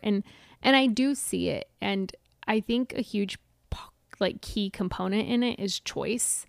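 A woman co-hosting a podcast with her husband, telling animated stories in a casual chat and laughing often. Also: medium pitch, a little slow, creaky, no echo, studio quality. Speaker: podcast co-host.

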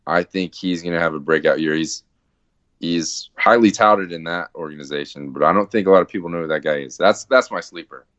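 A man co-hosting a casual sports podcast, animated and quick to laugh. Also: deep voice, no room sound. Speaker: podcast co-host. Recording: dull, dry lo-fi sound.

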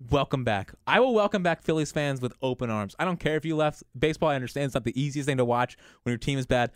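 Young guy cohosting a podcast, giddy and excited, voice bouncing all over, dry close sound. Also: mid-range voice, fast talker, smooth, dry recording. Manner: giddy, animated, laughing. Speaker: podcast co-host. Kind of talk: excited casual chat.

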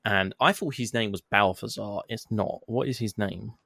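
A man with a lowish voice talking casually on a podcast, swearing freely as he retells events with lively energy. The recording is close and dry. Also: normal speed, vocal fry, no room sound. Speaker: podcast co-host. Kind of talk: casual chat.

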